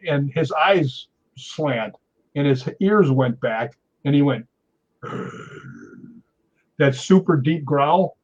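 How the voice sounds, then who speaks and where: The dull, lo-fi recording captures a chat show guest with a slightly high, husky voice. He relates an animated story, pausing often to check in with the person he's talking to.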